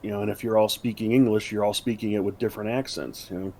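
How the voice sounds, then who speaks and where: A man's voice: lowish voice, fairly even intonation, fast, darkish tone. A man co-hosting a podcast in casual chat, rambling with many fillers and restarts. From United States. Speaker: podcast co-host.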